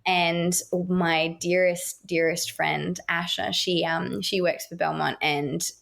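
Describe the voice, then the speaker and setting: A woman's voice: fairly low pitch, level tone, slow, creaky, fairly bright tone. An Australian woman talking earnestly as a guest midwife in a podcast interview, acting out quoted voices as she tells stories.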